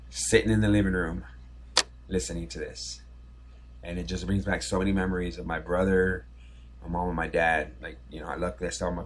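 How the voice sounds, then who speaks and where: A man in his forties hosts his own sports podcast alone, drifting through a childhood memory with plenty of false starts and restarts. His voice sits low and has a husky grain. He talks casually, like he is chatting with regular listeners. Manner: rambling, nostalgic storytelling with many restarts. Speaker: podcast host. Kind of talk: casual solo podcast monologue.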